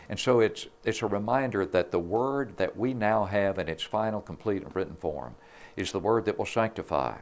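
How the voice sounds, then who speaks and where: A man giving a devotional Bible lesson on a religious TV program, speaking in an earnest, measured way. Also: on the low side, animated. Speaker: preacher. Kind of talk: devotional sermon.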